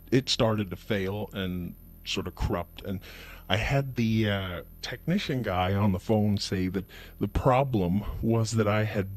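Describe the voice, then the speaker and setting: A man hosting a puppet show, rambling through a comic monologue with hesitant fillers. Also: fairly low pitch. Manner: rambling, chatty, with hesitant fillers and put-on voices.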